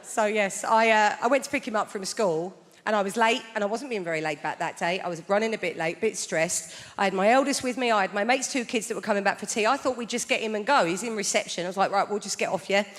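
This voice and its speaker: A woman's voice: mid-range voice, fast, hardly any pauses, fairly bright tone. A woman in her thirties doing a wry, conversational stand-up routine on a large theatre stage. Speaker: stand-up comedian. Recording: live theatre with hall reverb and audience noise.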